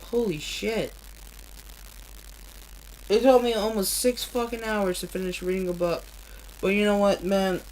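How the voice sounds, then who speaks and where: A woman reading a novel aloud on a live stream, earnest and deliberate, with blunt, profane asides between passages. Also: mid-range voice, fairly even intonation, darkish tone, slight background noise, rough recording. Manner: slow, earnest reading with frequent swearing in asides.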